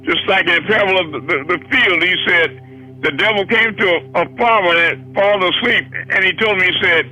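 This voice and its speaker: A male preacher with a high, piercing, sharply edged voice delivers an impassioned sermon. He swears freely and presses his listeners with rhetorical questions, with faint music behind him. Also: a little fast, sharp tone, rough recording. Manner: fiery, profane, rhetorical questions.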